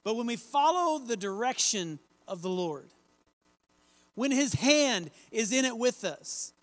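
A man preaching a sermon, reading scripture aloud and slowing down to stress key phrases. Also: very high-pitched, animated, no echo.

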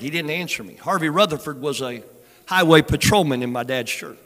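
An older man preaching a sermon, moving between hushed storytelling and loud exhortation. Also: on the high side, a little fast. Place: large church sanctuary. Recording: long hall reverb with soft music behind.

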